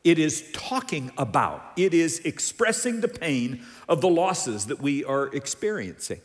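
Animated male pastor in a reverberant church. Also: on the high side, measured pace. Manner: animated, shifts between soft and emphatic. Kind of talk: sermon.

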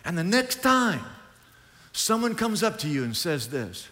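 A man preaching in a church, his bright, forceful voice carrying a long reverb from the large room around him. He talks in a lively, conversational way and acts out both sides of the little dialogues he describes. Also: high-pitched, unhurried. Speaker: pastor. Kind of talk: sermon.

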